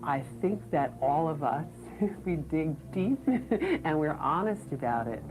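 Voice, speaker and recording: A woman's voice: low voice, expressive, measured pace, low-quality recording. A woman interviewed for a documentary, giving opinionated and sarcastic commentary. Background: music bed.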